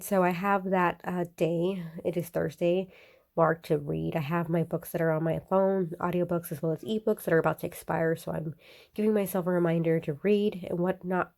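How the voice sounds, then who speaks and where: A woman's voice: fairly low pitch, fairly even intonation, moderate pace, a little mellow. A woman casually narrating her planner crafting, chatty and upbeat, with many fillers and laughs at herself.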